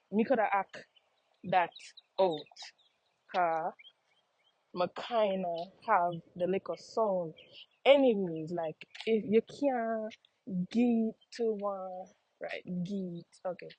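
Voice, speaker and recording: Unhurried and expressive, with long pauses, a young American woman speaks in a mid-range, a little mellow voice and a Jamaican patois accent. She's a vlogger casually chatting to viewers on an outdoor walk, often repeating phrases, in slightly dull lo-fi audio.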